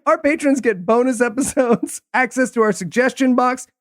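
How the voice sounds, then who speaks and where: A man hosting a comedy podcast, reading gag announcements in a teasing, deadpan way. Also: very high voice, moderate pace, no room sound, studio quality. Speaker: podcast host.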